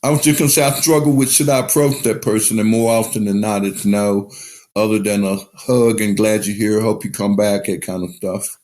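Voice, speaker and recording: A man's voice: fairly low pitch, steady tone, brisk, darkish tone. A man talking as a guest on a recovery podcast, telling his story candidly and swearing freely. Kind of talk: casual recovery podcast talk.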